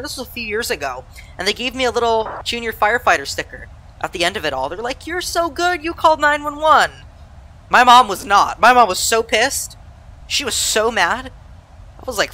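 Young adult from Southern California, live-stream chatter with a bright, lively voice that jumps up and down a lot. They talk casually to chat while flying, and laugh easily at their own expense. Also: medium pitch. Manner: laughs easily, self-deprecating. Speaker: flight sim streamer.

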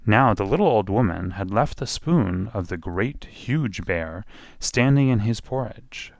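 A man's voice: on the low side, lively intonation, measured pace, vocal fry, no echo. A man narrating a children's storybook expressively, drawing out repeated phrases.

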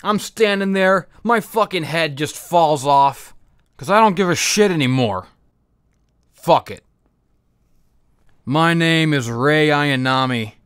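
A man's voice: on the high side, smooth, no echo, clean studio sound. A man ranting as a foul-mouthed, bitter young female robot pilot. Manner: profane, ranting, self-pitying. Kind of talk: comedic monologue.

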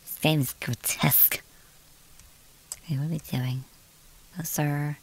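A woman's voice: sits low, fairly even intonation, a little slow, slight background noise. A British woman streaming a game, talking casually and muttering to herself as she plays. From Britain. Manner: chatty, exclaiming, muttering to herself. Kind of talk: casual gameplay commentary.

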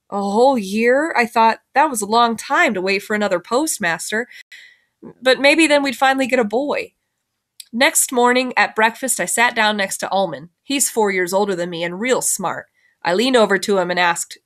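A woman's voice: mid-range voice, moderate pace, a bit bright. A woman, a teacher, reading a novel aloud expressively and voicing the characters.

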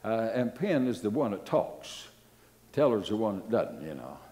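A man's voice: lowish voice, normal speed. An older man preaching a sermon as pastor, telling stories with repeated phrases and hesitant fillers. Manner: animated, repetitive, fillers, storytelling.

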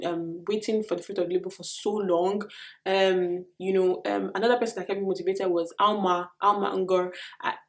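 A young Nigerian woman with a Nigerian accent, chatting expressively and laughing often as she answers viewer questions in a casual vlog. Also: mid-range voice.

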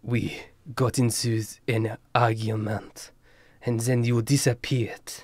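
A man voicing a frail old male nature priest with a French accent, halting and fearful. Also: medium pitch, level tone, dry recording, studio quality. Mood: anguished.

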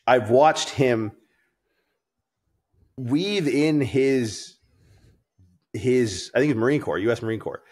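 A man's voice: medium pitch, a little mellow, husky. A man co-hosting a podcast, telling stories in casual chat, rambling and swearing freely. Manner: profane, rambling storyteller. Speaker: podcast co-host.

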